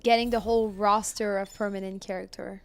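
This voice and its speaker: A woman's voice: medium pitch, level tone, a little fast. A woman streaming a game, chatting casually with viewers, apologetic and laughing often. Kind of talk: casual live-stream chat.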